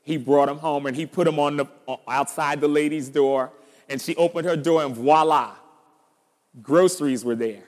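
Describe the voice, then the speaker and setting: A male pastor preaching a sermon, telling a story and building to loud emphasis. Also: on the high side, fairly even intonation, moderate pace, big-room sound.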